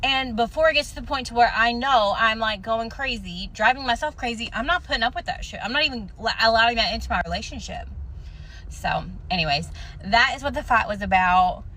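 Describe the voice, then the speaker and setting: Bright, confident woman chatting. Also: a little high, fairly quick, poor audio. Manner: self-assured, chatty and emphatic. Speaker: storyteller. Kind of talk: casual storytime.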